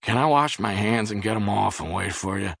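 A man's voice: lowish voice, fairly quick, vocal fry, fairly bright tone, breathy edge, no echo, studio quality, exaggerated voice. A man voicing a nervous, frightened young drug user with a pleading, whiny manner.

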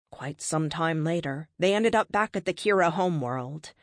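A woman narrating a science fiction story in a calm, deliberate reading. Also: low voice, no room sound, clean studio sound.

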